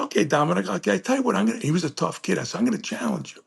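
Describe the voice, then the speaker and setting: A man's voice: expressive, racing, creaky, hardly any pauses, slightly rough. An older man, a teacher and coach, telling classroom stories and acting out the dialogue in a jokey way. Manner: acts out dialogue with jumpy pitch, jokey. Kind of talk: animated storytelling.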